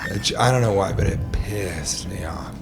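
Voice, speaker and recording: A comedian guest on a podcast, telling stories in a profane, animated way that swings between loud outbursts and hushed asides. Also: male voice, low voice, normal speed, gravelly, over loud music. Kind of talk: casual podcast chat. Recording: noisy background.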